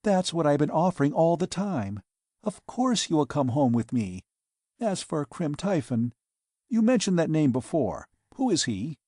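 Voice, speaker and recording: A man's voice: fairly high pitch, sing-song, a little slow, mellow, no echo, studio quality, voice pushed up. Man voicing a scheming alien woman. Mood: teasing. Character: bold, scheming alien woman, teasing and self-assured.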